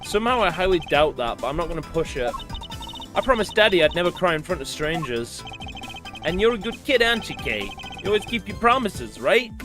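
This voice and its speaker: A man's voice: sits high, very animated, fairly quick. A man reading a stiff, formal prosecutor. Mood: kind. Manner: formal, dramatic. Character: stiff, proper male prosecutor, haunted. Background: game music.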